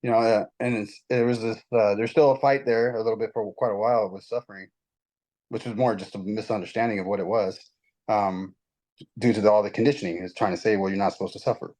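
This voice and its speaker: A man in casual spiritual conversation, telling his story in a rambling, animated way with many restarts. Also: fairly low pitch, quick pace, poor audio. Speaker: guest.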